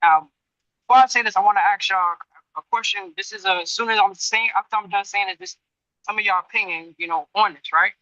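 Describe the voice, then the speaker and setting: A man's voice: high-pitched, brisk, bright, forceful tone, dry recording, muffled recording. A man who trains people at a gym, telling a long story in a casual, rambling way, often restarting and turning to his listeners with questions. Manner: rambling, frequent restarts, addresses listeners directly. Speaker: Muay Thai gym trainer.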